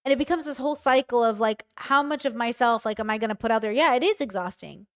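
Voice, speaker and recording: A woman's voice: on the high side, fast. A woman streaming casual live commentary, talking bluntly and with emphasis straight to her chat. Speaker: streamer reacting to a show.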